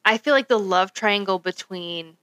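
A woman co-hosting a podcast in casual chat, talking eagerly with quick asides. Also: mid-range voice, fairly bright tone, smooth, dry recording. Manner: enthusiastic fan talk, quick asides. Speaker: podcast co-host.

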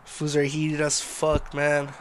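A man's voice: a little high, completely flat delivery, slow pace, slight background noise. A young man hosting a casual solo podcast, laid-back and a little tipsy and sluggish, swearing constantly and saying "dude" a lot. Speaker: podcast host.

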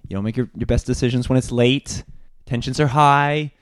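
A man's voice: medium pitch, fairly even intonation, moderate pace, clear, resonant tone. A man hosting an improvised comedy podcast, rambling and hesitant, stammering through comic excuses. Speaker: podcast host.

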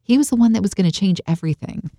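A woman's voice: medium pitch, animated, rapid-fire, mellow, no room sound, clean studio sound. A woman in casual conversation, retelling a story with animation and acting out the quotes. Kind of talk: casual faith discussion.

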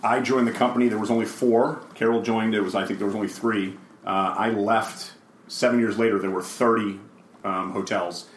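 Older dad guy, low voice, rambling story mode, echoey room w/ faint hiss. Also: steady tone, moderate pace. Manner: rambling storyteller who acts out quotes. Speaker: guest, father of the host. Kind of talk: casual podcast chat.

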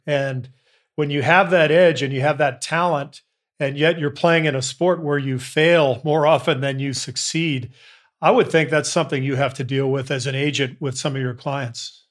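A man with a slightly higher voice hosts an interview, musing at length before putting his question to the guest. His tone is conversational and reflective. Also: steady tone, moderate pace, a bit bright. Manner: reflective, builds a question out of a long observation.

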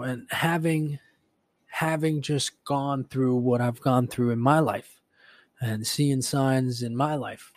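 A man's voice: mid-range voice, dry recording. A man hosting a podcast, retelling a book in a casual, rambling way with lots of swearing and filler words. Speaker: podcast host.

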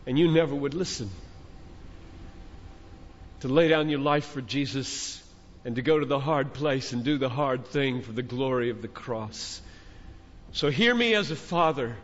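On stage in a large conference hall, a middle-aged man delivers a fervent sermon, urging his listeners on through emphatic repetition. His voice is mid-range with a fairly bright tone. The recording sounds dull, with a long hall reverb.

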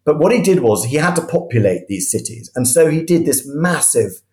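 A man telling history as an animated, enthusiastic storyteller, often restarting his sentences. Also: fairly high pitch, a little fast, roomy sound. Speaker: historian guest.

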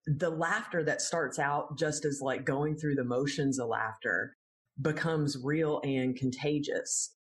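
A woman's voice: sits low, measured pace. A woman who teaches laughter yoga, explaining it in a friendly way in an interview and laughing easily. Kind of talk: interview answers.

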